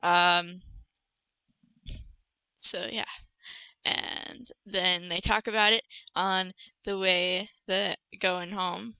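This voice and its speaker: A young woman hosts a casual podcast, retelling a book's plot with lots of restarts and little giggles. Her voice is bright and smooth, and the sound is dry and close. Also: lowish voice, level tone, very slow, long pauses, no room sound, poor audio. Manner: rambling, self-correcting, giggly. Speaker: podcast host. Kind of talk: casual book recap chat.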